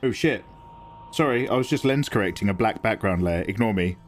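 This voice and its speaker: A man's voice: lowish voice, expressive, a little fast, soft background music. A man chatting casually and self-deprecatingly on a live art stream while he draws, reading chat aloud.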